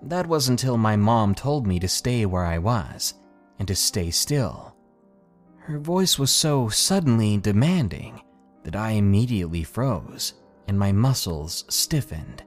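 Lively-voiced man narrating scary stories. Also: lowish voice, unhurried, soft background music. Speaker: storyteller reading submitted stories. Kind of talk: scripted scary story narration.

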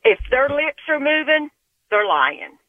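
Slow Tennessee woman on a phone line. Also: high-pitched, big pitch swings, no echo. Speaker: caller. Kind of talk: phone call to radio show.

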